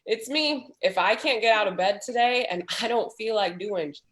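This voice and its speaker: A woman's voice: fairly high pitch, moderate pace, a bit bright. A woman in her thirties, a small business owner, talking candidly and chattily in a group video chat. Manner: candid, chatty, says "like" a lot.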